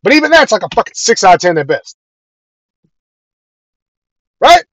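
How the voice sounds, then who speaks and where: High-voiced man ranting bluntly. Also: sing-song, moderate pace, fairly bright tone, no echo, lo-fi sound. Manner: blunt, profane, heated opinions. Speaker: video creator. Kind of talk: casual rant to camera.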